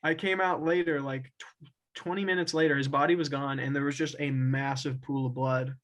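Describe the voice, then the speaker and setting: A man's voice: medium pitch, flat delivery, moderate pace, fairly bright tone, low-quality recording. A young man co-hosting a casual podcast, telling a rambling story full of swearing, with laughs breaking in. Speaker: podcast co-host. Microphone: own camera and mic at home.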